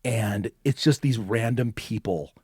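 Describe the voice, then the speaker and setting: A man's voice: fairly low pitch, measured pace, a little mellow, breathy edge, no echo, studio quality. A man co-hosting a podcast, rambling and swearing in casual chat, says like a lot. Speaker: podcast co-host.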